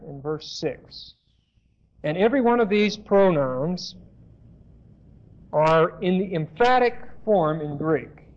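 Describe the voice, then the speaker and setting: A man giving a deliberate Bible lesson, spelling out Greek words and pausing to correct himself. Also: on the high side. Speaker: Bible teacher. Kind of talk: slow expository Bible lesson. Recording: dull lo-fi sermon tape.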